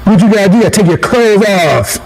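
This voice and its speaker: High-voiced man preaching casually. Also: expressive, fast, vocal fry, darkish tone, poor audio. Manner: conversational, repeats himself, asks the audience "right?". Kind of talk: casual street sermon.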